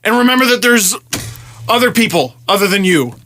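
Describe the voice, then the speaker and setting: A young man hosting a podcast, ranting in frustration with lots of swearing and occasional shouting. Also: sits high, lively intonation, brisk. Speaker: podcast host. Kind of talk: casual podcast chat.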